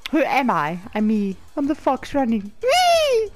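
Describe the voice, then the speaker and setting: A hoarse woman giggling, swearing and shrieking with excitement through her let's-play commentary, over faint game music. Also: on the high side, moderate pace, very noisy. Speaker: gamer.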